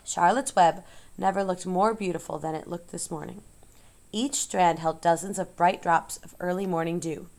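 A woman reads a children's storybook aloud at a measured, expressive pace. Her voice sits low with a gravelly grain throughout. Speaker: narrator.

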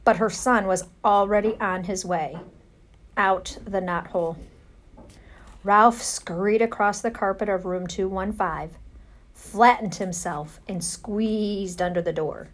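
A woman reading a children's storybook aloud, gentle and unhurried. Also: mid-range voice, fairly even intonation. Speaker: narrator.

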